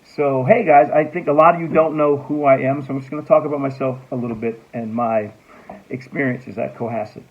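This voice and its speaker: A man's voice: mid-range voice, fairly even intonation, a little fast. Man, 40s, friendly upbeat message, tinny phone-like recording. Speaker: alumnus giving a recorded message.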